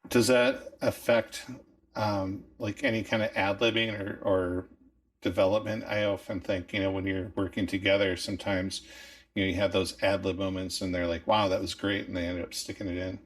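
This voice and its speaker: Male interview host, low voice, short questions. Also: level tone, normal speed. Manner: brief listening sounds and thoughtful questions. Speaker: podcast host.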